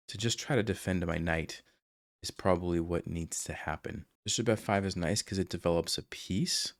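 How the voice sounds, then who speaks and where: A man's voice: low voice, dry recording, studio quality. A young man talking through his own chess game as he plays it, his voice still recovering after he lost it while sick. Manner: explains moves aloud as he plays. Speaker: chess streamer. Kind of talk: casual game commentary.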